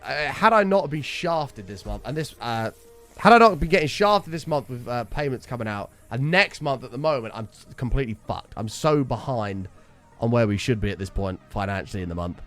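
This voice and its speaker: A man's voice: medium pitch, animated, a little fast, fairly bright tone, faint music behind. A young man streaming, telling a rambling story and chatting casually, swearing freely. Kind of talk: casual livestream chat.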